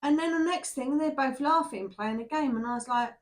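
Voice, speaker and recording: A woman's voice: high-pitched, brisk. A woman giving a casual tarot reading to camera, chatty and rambling, who keeps checking in with "yeah?". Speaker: tarot reader.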